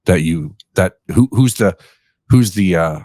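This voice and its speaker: A man's voice: low voice, animated, a little slow, warm tone, no echo, studio quality. A man hosting a casual sports podcast, tired and rambling, often correcting himself and joking. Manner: rambling, self-correcting, jokey. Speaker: podcast host.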